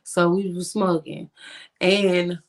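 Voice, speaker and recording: A woman guest on a podcast telling a story casually, animated and acting out what her friends said. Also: takes it slowly, vocal fry. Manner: animated, swings pitch to act out friends' lines.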